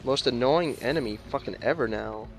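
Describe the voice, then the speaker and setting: A man's voice: medium pitch, brisk, vocal fry, slight background noise. Profane man cursing at a video game. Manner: profane, talks back to the game with exasperated outbursts. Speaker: let's play gamer. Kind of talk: casual game commentary.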